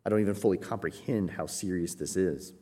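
A man who is a pastor, preaching a teaching sermon and explaining Greek words, often checking in with a quick "right?". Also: deep voice, warm tone, breathy edge. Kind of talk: expository sermon.

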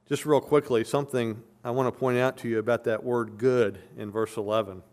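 A man's voice: mid-range voice, fairly even intonation, a little fast, darkish tone. A male pastor preaching an expository sermon, reading scripture aloud and explaining it verse by verse with earnest emphasis.

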